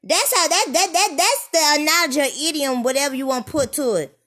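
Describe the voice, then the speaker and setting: A woman ranting in a rambling, profane monologue, sliding from low grumbling into loud heated outbursts. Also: fairly quick. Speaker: vlogger.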